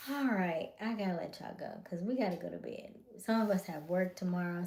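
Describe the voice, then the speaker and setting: Soft-spoken woman in her thirties. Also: fairly low pitch, unhurried, creaky, long pauses. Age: 30s. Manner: soft, affirming, drifts into whispers. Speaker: livestream host. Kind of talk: casual late-night livestream chat.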